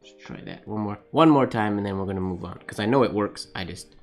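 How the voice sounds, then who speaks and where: Man, slightly low voice, casual livestream chat, thinks aloud, laughs a lot, faint music behind. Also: quick pace. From Canada. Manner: chatty, thinks aloud, laughs often, answers viewers. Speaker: calligraphy livestream host. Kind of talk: casual chat while writing live.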